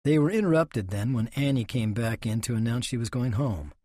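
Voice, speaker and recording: A man narrating a western audiobook in a steady, unhurried way. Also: medium pitch, no room sound, studio quality.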